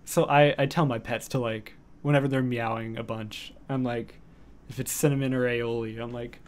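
A man streaming from home in casual chat, rambling with lots of fillers and cooing softly at his cat. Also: mid-range voice, fairly even intonation, normal speed.

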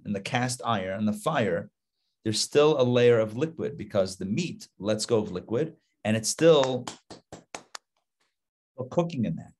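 A middle-aged man, a rabbi, teaching a casual live Torah class, animated and conversational, asking rhetorical questions and repeating himself. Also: mid-range voice.

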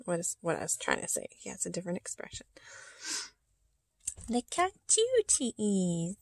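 A woman's voice: medium pitch, wildly swooping pitch, moderate pace, vocal fry, darkish tone, no echo. A woman unboxing a reborn doll on her channel, talking in a cooing baby-talk way and giggling often. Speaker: reborn doll collector and vlogger. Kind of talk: casual unboxing chat.

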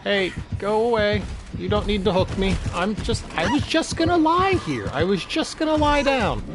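A man's voice: high-pitched, sing-song, normal speed. A man giving playful, self-mocking commentary while playing a video game, exclaiming and talking to the other players. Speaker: gaming streamer. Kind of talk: let's-play commentary.

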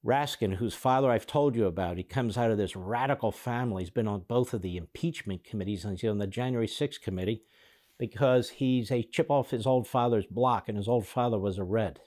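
A man's voice: lowish voice, a little fast, darkish tone. A man hosting a political commentary show, reacting to clips in a sarcastic, indignant monologue.

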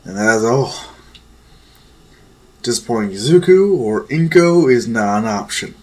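A man's voice: medium pitch, expressive, a little slow, a little mellow. A man casually telling an improvised fan story with a rambling manner.

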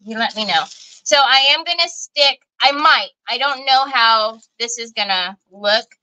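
A woman chats her way through a craft livestream, folksy and full of little exclamations aimed at her viewers. Her voice sits a touch high and has a bright, forward ring. She takes her time and never rushes a sentence. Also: low-quality recording. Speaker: craft show host. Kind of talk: casual livestream craft chat.

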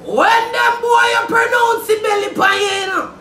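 A Jamaican woman with a very high voice rants loudly in a comedy skit, shouting and swearing freely. She sounds roomy and echoey, a little away from the mic. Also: expressive, a little slow, far from the mic, slight background noise. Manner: loud, shouting, profane.

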